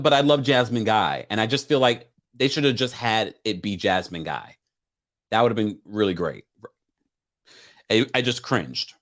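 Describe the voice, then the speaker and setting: Animated man hosting a chatty live stream. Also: mid-range voice. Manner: animated, laughing, chatty asides to viewers. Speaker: live recap show host. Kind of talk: casual live-stream chat reading viewer comments.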